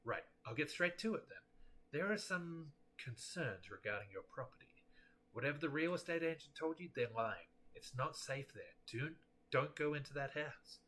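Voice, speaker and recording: A man's voice: on the high side, animated, normal speed, bright, forceful tone, a little hiss or hum. A man voicing a polite, earnest husband who pleads and frets.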